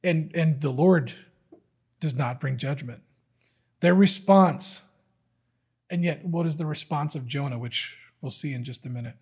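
A man's voice: a little high, unhurried, long pauses, breathy edge. A man preaching a sermon in an earnest, emphatic way, repeating key words for weight.

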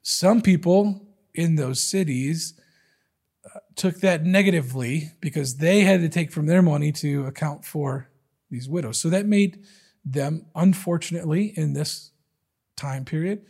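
Conversational male preacher, husky and slightly raised pitch, emphatic. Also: measured pace, darkish tone. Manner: conversational, emphatic Bible teaching. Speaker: pastor. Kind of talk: sermon.

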